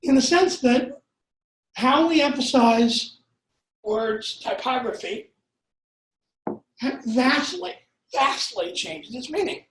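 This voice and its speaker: A man with a high, light voice lectures a live audience on copywriting. He keeps cracking jokes, drifts into asides and tosses out rhetorical questions. The sound is roomy and echoey, as in a seminar room. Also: lively intonation, takes it slowly, pauses often, fairly bright tone, slight background noise. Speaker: copywriting workshop instructor.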